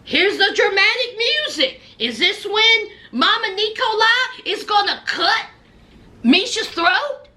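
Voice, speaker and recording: A woman vlogger recaps a reality show at home in a very high, lively voice. She sounds sassy and animated but takes her time, drawing words out. Her tone is bright and forward. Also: slow pace. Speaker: reaction vlogger. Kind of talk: casual reality-show commentary.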